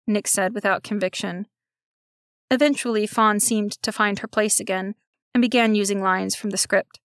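A woman reading a children's story aloud, giving steady, expressive narration. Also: medium pitch, moderate pace, no room sound, clean studio sound.

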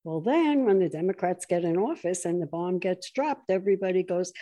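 Woman guest, mellow tone; animated, mocking political commentary. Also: a little fast. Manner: animated, mocks opponents in shrill voices. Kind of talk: political conversation.

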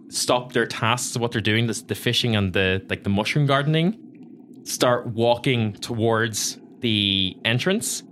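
A man's voice: mid-range voice, fairly bright tone, slight background noise. A man narrating a tabletop game as game master, loose and rambling with many fillers.

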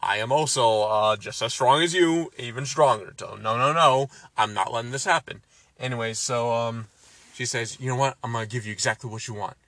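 A man's voice: medium pitch, brisk, a bit bright, no room sound. Exasperated man ranting about a movie. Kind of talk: casual movie recap chat.

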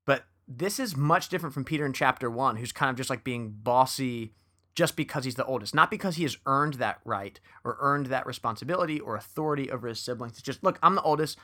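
Bright-voiced enthusiastic male co-host. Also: mid-range voice, fairly quick. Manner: enthusiastic, many restarts. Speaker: podcast co-host. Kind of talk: casual book discussion and reading aloud.

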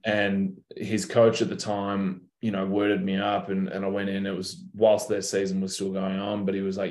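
Young Australian guy, deep and monotone, relaxed storyteller with a salty mouth; echoey room. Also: moderate pace, few pauses. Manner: laid-back, swears freely, tells stories. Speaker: professional basketball player, guest. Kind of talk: casual interview chat. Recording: roomy echo.

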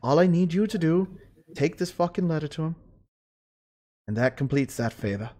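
A game master voicing a crude, scheming female fey courtier who makes a profane, persuasive sales pitch in a tabletop game. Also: expressive, normal speed, warm tone, natural voice. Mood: businesslike. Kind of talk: tabletop role-play.

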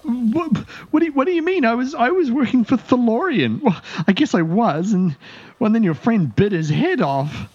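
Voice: medium pitch, animated, normal speed, a little mellow, breathy edge, dull audio, voice pushed up. A game master voicing a nervous, stammering male elf thug who failed as an actor. He repeats words in panic.

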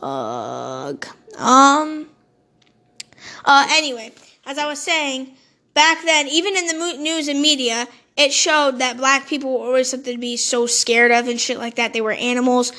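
A woman with a high voice carries a solo podcast rant. Her talk is profane and heated, and she keeps losing her thread and scrambling to find it again. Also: fairly even intonation, moderate pace, pushed and bright. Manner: profane, heated ranting that loses its train of thought. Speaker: podcast host.

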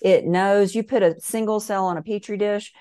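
A woman's voice: medium pitch, steady tone, moderate pace, dark tone. A woman guest, a coach, chatting casually over a video call in an enthusiastic, affirming way. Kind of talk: casual spiritual conversation. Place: home, remote from host.

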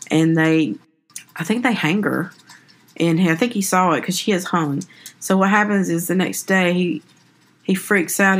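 Rambling woman recapping a movie. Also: fairly low pitch. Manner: rambling, self-correcting retelling with hedges. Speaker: podcast host. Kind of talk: casual film recap.

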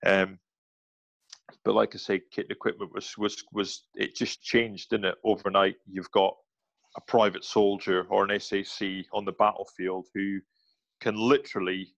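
A man, a former soldier, telling animated anecdotes in a casual interview, slipping into quoted voices and restarting his sentences. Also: lowish voice, moderate pace, creaky, no echo, muffled recording.

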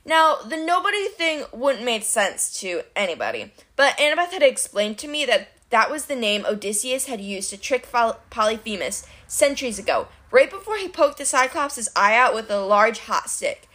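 A woman reads a novel aloud in animated storybook narration. Her delivery is wry, and her voice sits fairly high. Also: moderate pace, hardly any pauses. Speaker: reader of a novel.

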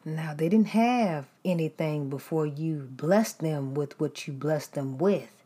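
A woman's voice: low voice, slow, mellow, breathy edge. A woman preaching bluntly and emphatically, repeating her point. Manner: blunt, emphatic, repetitive, laughs often.

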